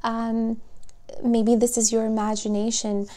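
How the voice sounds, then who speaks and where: A woman giving a spoken tarot reading, gentle and emotional, speaking softly and warmly to her viewers. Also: a little high, completely flat delivery. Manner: slow, soft, gentle and emotional. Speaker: tarot reader.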